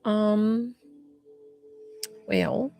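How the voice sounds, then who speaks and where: A woman's voice: mid-range voice, extremely slow, creaky, warm tone, faint music behind. A young woman from upstate New York, a medium chatting casually on a live stream, rambling and answering viewer comments.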